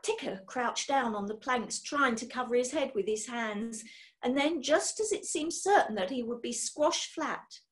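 A woman reading a children's book aloud, expressive, swinging between loud and hushed. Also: mid-range voice. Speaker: storyteller.

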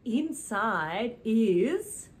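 A young woman with a British accent, presenting a preschool lesson in a slow, sing-song, animated way, with gasps and cheers. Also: fairly high pitch. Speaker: children's presenter. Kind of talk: preschool teaching.

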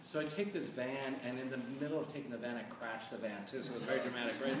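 A man's voice: mid-range voice, fast, few pauses, a loud crowd. Man telling stories in an echoey hall. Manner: animated, chatty, often checking in with "right?". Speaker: panelist. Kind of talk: storytelling on a panel. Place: large echoey hall at a panel event. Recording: echoey hall from far off, noisy.

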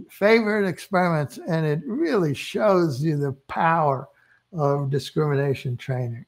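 Hesitant male lecturer, slightly high voice. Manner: hesitant, many fillers and restarts; enthusiastic about experiments, chuckles. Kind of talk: recorded lecture.

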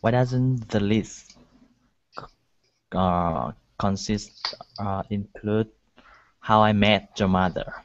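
A man in an online English class, asking questions slowly and searching for words. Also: fairly low pitch, steady tone, dull audio, slight background noise. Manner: slow and hesitant, searching for words. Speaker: student.

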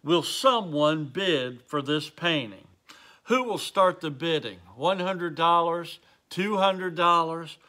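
A man's voice: on the high side, expressive, slow pace, bright, forceful tone, heavily acted. A man voicing a persistent male auctioneer calling for bids, formal and insistent, in a story.

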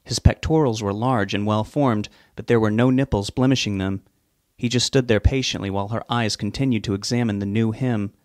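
A man reading a novel aloud in a measured, steady way. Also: fairly low pitch, no echo, clean studio sound. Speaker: narrator. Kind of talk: audiobook narration.

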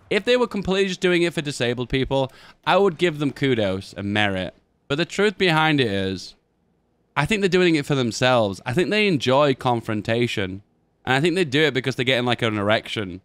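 A man's voice: medium pitch, a bit bright, smooth, no room sound. A man rambling and musing aloud in casual chat while commenting on gameplay.

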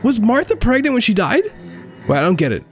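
Young man gaming streamer, excitable and swearing, very lively pitch, music playing faintly under him. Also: fairly quick. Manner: excitable, swearing, joking to viewers. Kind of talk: live gameplay commentary.

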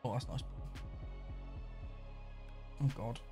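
A man with an English accent, faintly Brummie, giving excitable casual commentary on a football game, swearing and laughing often. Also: slow pace, soft background music. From Birmingham area, England. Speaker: gamer.

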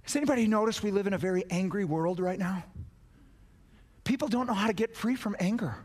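A man preaching a sermon as pastor, passionate, repeating words for emphasis and swinging between loud urgency and hushed intensity. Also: high-pitched, quick pace.

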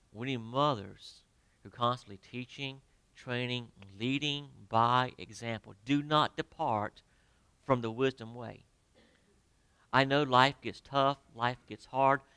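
A man preaching a sermon to his congregation, emphatic, with sudden drops to near quiet and direct questions to the listeners. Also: medium pitch, clean tone, no room sound. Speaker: pastor. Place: church sanctuary.

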